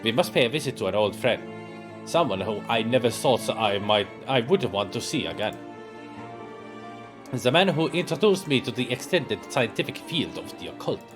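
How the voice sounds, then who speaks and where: A male streamer reads a game's dialogue aloud, acting out the lines expressively. His pitch swings widely, and faint music sits underneath. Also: animated, normal speed. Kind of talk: reading game dialogue aloud with commentary.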